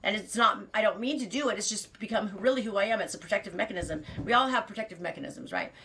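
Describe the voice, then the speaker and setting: A woman in her fifties hosts her own show and tells a personal story bluntly and ramblingly, full of fillers and restarts, laughing often. She talks quickly in a mid-range, slightly bright voice, with a little hiss or hum on the recording.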